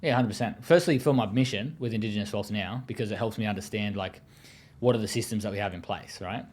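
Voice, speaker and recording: A man's voice: on the low side, fast, darkish tone. An Australian man speaking as an interview guest, telling his story in a blunt, profane, casual way with many fillers.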